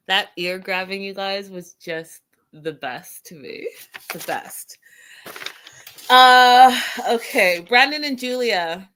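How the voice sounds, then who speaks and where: A woman hosts a chatty reality TV recap with a bright, forward voice. She tells scenes with lively retellings and laughs easily, talking straight to her viewers. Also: medium pitch, slow, smooth. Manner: animated storyteller, acts out quotes, laughs often. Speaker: host. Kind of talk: casual reality TV recap chat.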